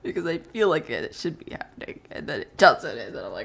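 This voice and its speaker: A woman's voice: deep voice, sing-song, fast talker, gravelly, fairly bright tone, breathy edge. A teenage girl live streaming, chatting casually and rambling through stories, laughing often and swearing freely. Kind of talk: casual chat while drawing on stream.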